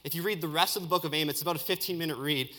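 A man preaching a sermon in an animated way, building to loud peaks and restarting phrases often. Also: a little high, very fast. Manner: speaks with frequent restarts and filler words.

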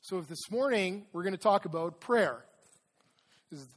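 A man preaching in a conversational sermon style, with a fairly high voice for a man. He mixes personal asides into his message and reads scripture aloud with emphasis. A long church reverb trails each phrase. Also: animated, normal speed, fairly bright tone. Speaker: pastor.

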